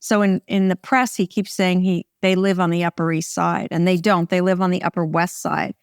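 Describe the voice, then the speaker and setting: Low-voiced woman, wry and relaxed. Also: moderate pace, clean tone, no room sound, studio quality. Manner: relaxed, wry, speaks in short phrases with restarts. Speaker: film director being interviewed. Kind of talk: casual interview conversation.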